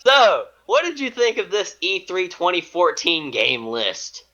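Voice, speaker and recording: A bright, lively man runs down a list on a casual gaming show. His pitch swings up on each title and drops for the verdict. He talks slowly and laughs easily at himself. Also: dull audio. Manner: reads items in a rising-then-falling singsong, laughs often; giggly, self-mocking. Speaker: podcast co-host. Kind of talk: casual chat reading a list.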